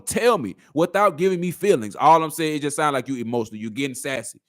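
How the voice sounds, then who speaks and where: A man's voice: fairly high pitch, no echo, studio quality. A man doing reaction commentary on a video clip, arguing through a string of rhetorical questions.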